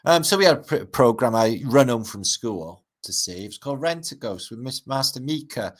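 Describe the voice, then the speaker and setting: A man's voice: medium pitch, expressive, moderate pace. A middle-aged man, rambling and swearing through a casual livestream chat as its host. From Britain.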